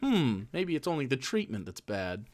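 A man's voice: medium pitch, moderate pace. A man streaming live, ranting sarcastically and profanely as he reacts to a clip. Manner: sarcastic, profane, animated rants.

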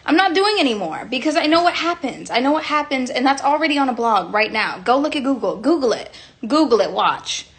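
Young woman, slightly high voice, loose giggly livestream talk into a phone, keeps interrupting herself. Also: sing-song, a little fast. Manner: giggly, rambling, self-interrupting. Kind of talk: casual livestream chat.

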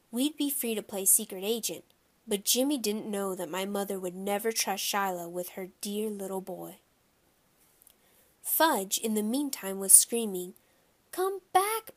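A woman narrating a children's novel in the first person, with lively storytelling. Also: mid-range voice. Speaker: audiobook reader.

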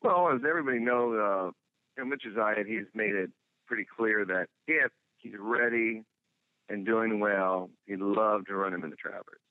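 A man who trains racehorses, talking in an interview over the phone in a rambling, halting way, full of restarts. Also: on the low side, no echo. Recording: tinny dry phone line.

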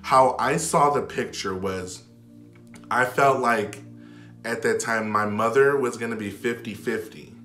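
A man telling a personal story to camera in a rambling, casual way, full of "like" and restarts, sometimes dropping to a hush. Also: mid-range voice, unhurried. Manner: drops to a hush when retelling whispered moments. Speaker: vlogger. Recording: echoey room with faint background music.

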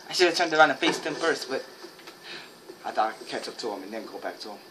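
A woman giving excitable, jokey live commentary while playing a shooter game, with sudden high yelps. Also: quick pace. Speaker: gaming channel host. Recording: game noise behind.

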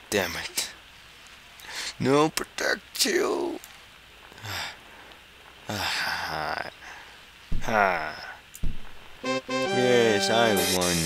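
A man narrating a game in a slow, drawn-out way, exasperated and goofy with silly mild oaths. His voice sits fairly low. Steady noise hangs behind him on a home recording. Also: gravelly, low-quality recording. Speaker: let's play gamer. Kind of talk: let's play commentary.

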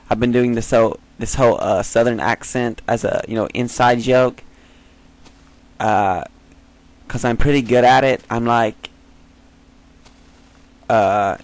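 A man giving rambling, jokey let's-play commentary as host of a gaming video, giggling and breaking into sudden high squeals. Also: a little slow.

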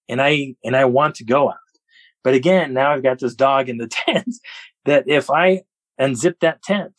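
A man, a guest on a show, telling a personal encounter in an animated way and acting out the sounds and quotes. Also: medium pitch, husky, no room sound, low-quality recording.

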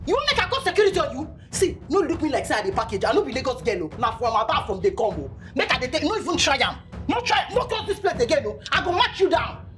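A woman's voice: high-pitched, very animated, fast, few pauses, fairly bright tone. An actress with a Nigerian accent playing an outspoken, protective female friend who scolds and comforts in Pidgin-laced speech. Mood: scolding. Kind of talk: Nollywood film acting. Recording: echoey room with music underneath.

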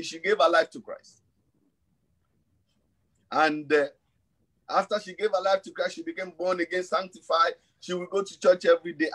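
Man, fifties, pastor, high voice, emphatic preaching, repeated refrains, church sermon. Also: fairly bright tone, poor audio. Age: 50s.

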